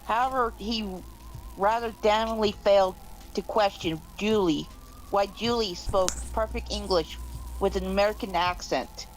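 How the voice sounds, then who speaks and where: A woman reading a text aloud on a casual stream, halting and restarting as she goes. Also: mid-range voice, steady tone, soft background music, rough recording.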